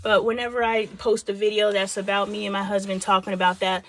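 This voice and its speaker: A woman's voice: mid-range voice, level tone, brisk, a bit bright, a little hiss or hum. A woman in her forties hosting a live stream, talking frankly and animatedly, acting out quoted voices. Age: 40s. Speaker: livestream host. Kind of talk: candid live-stream talk.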